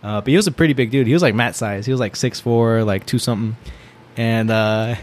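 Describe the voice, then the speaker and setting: A man's voice: mid-range voice, brisk, a little hiss or hum. A young man telling a long personal story in a casual chat, rambling with lots of filler words and laughing often. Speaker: storyteller guest.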